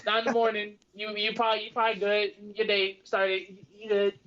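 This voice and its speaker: A man's voice: sits high, flat delivery, brisk, fairly bright tone. Profane young man telling stories, lo-fi. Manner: loose, profane storytelling with acted-out quotes. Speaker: podcast co-host. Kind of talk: casual podcast chat. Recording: dull lo-fi podcast audio.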